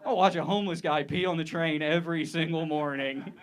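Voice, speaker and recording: A man's voice: a little high, fairly even intonation, fairly quick. Rambling, self-mocking male stand-up comic. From Ohio. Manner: rambling, self-mocking, with loose asides and trailing restarts. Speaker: stand-up comedian. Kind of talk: stand-up comedy set. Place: comedy club stage.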